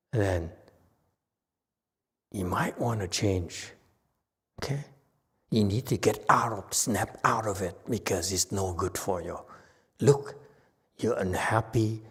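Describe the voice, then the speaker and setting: Man, Buddhist teacher, dharma lecture, very slow unhurried delivery, joking and self-mocking, conversational, temple hall. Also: lowish voice, breathy edge.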